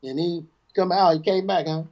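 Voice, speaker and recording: A man's voice: high voice, expressive, fast, crowd noise. A man co-hosting a podcast in casual chat, mocking and playful. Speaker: podcast co-host. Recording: dull lo-fi audio.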